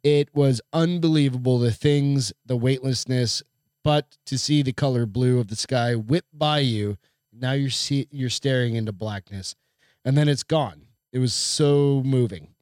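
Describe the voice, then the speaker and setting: A man's voice: mid-range voice, measured pace, darkish tone, smooth, dry recording, clean studio sound. A man co-hosting a casual podcast, joking loosely with heavy swearing and reading news stories aloud. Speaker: podcast co-host.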